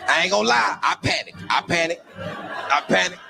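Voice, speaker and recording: A man telling a funny story in a lively way, acting out the people in it. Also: high voice, moderate pace, vocal fry, a crowd in the background, background noise. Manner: animated, acts out the other people in his story. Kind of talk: comedic storytelling.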